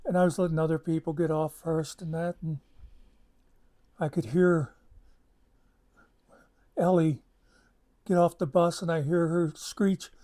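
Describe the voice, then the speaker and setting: A man's voice: on the high side, steady tone, unhurried, long pauses, warm tone. A man telling a long personal story in a casual, rambling way, with many asides and fillers. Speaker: channel host.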